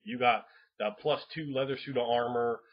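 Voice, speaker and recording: A man giving casual game master advice in a rambling, profane way, laughing often and acting out players in quick voices. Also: medium pitch, steady tone. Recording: dull lo-fi home recording.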